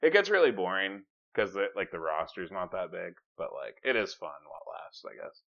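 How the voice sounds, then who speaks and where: A man's voice: deep voice, big pitch swings, brisk, gravelly, fairly bright tone. A man hosting a podcast, chatting casually, rambling and swearing, sometimes reading from notes. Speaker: podcast host. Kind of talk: casual chat. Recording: dull lo-fi podcast audio.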